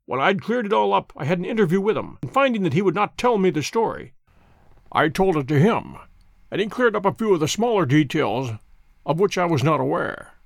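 A man reading an audiobook, voicing a calm, self-assured detective who explains in measured tones. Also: high voice, creaky, dry recording, exaggerated voice. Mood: stern.

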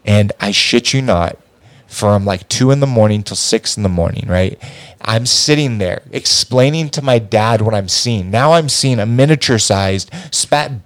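Swearing, animated male storyteller. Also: on the low side, moderate pace. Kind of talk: casual storytelling chat.

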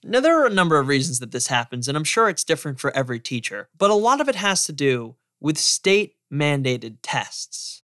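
Animated young man hosting a podcast. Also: a little high, brisk, few pauses, no room sound, studio quality. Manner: animated, opinionated. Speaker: podcast host. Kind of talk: scripted podcast narration.

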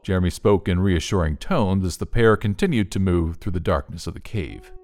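A man's voice: sits low, a little fast, darkish tone, faint music behind. A man narrating a children's story in an audiobook.

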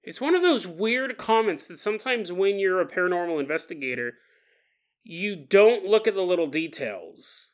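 A man's voice: high voice, animated, normal speed. A man hosting a paranormal storytelling podcast, chatty and laughing often as he tells the tale. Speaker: podcast host.

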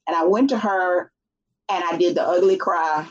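Middle-aged woman, husky voice, animated storytelling, dull lo-fi recording. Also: on the low side, moderate pace. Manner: animated, acts out quoted voices. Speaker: guest. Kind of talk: storytelling interview chat. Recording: dull lo-fi sound.

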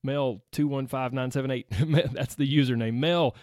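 A man from the United States with a Southern accent talks at a moderate pace in a mid-range, darkish voice. Hosting his own weight loss podcast alone, he's chatty and upbeat, talking right to his audience in a dry, studio-quality recording.

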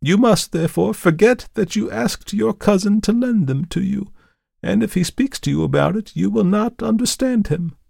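A man voicing a calm hypnotist doctor who gives slow, deliberate commands in an audiobook reading. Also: high voice, gravelly, dry recording, clean studio sound, voice pushed up, heavily acted. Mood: commanding.

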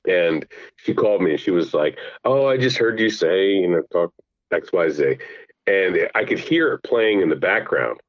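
A middle-aged man calls in as a podcast guest, his fairly low voice swinging up and down as he tells family stories with easy laughter. The phone line makes him sound dull and lo-fi, and the sound is dry. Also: normal speed, no room sound. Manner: animated, laughing storyteller. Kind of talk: casual chat, telling family stories.

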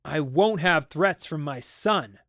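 A man gives voice to a worried father in a spoken storybook. He sounds stern and exasperated, and his outbursts turn sharp. The voice sits a little high, with a close, dry sound. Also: lively intonation, takes it slowly, no room sound, full character voice. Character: anxious wealthy father, stern and uneasy. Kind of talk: dramatic audiobook reading.

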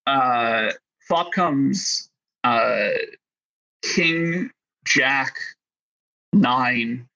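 A man's voice: medium pitch, drawn-out words, gravelly, long pauses, pushed and bright, highs cut off. A man casually telling a rambling story about poker hands, full of fillers and self-deprecating asides. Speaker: poker player guest.

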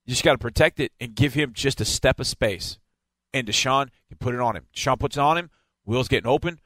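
A man breaks down a football game plan in an emphatic, hammering way, with a middle-pitched voice. He repeats key points to drive them home. His voice is close and dry, with no room sound. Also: a little fast, fairly bright tone, no echo. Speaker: football analyst.

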